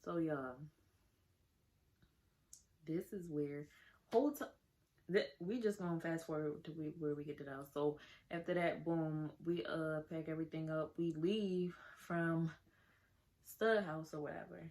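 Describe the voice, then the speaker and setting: A young woman tells a personal story straight to camera. Her voice sits a little low, and she talks in a chatty, animated way, calling out to her viewers as she goes. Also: measured pace, long pauses. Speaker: storytime vlogger.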